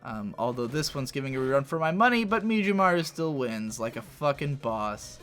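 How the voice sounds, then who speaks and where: A young man giving casual, rambling gameplay commentary as a let's play host, swearing freely and breaking into excited outbursts. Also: medium pitch, normal speed, faint music behind.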